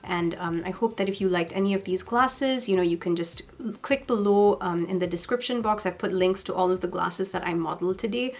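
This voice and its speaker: A woman's voice: fairly low pitch, a little fast, hardly any pauses. A woman vlogger chatting casually through a product review, gushing and full of fillers. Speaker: beauty vlogger.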